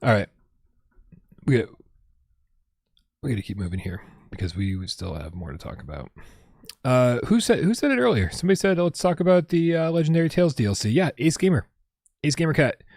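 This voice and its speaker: A man's voice: medium pitch, sing-song, brisk, gravelly, pauses often, a little mellow, dry recording, studio quality. A man hosting a casual gaming livestream at home, rambling and reading out viewer tips with lots of restarts. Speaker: livestream host.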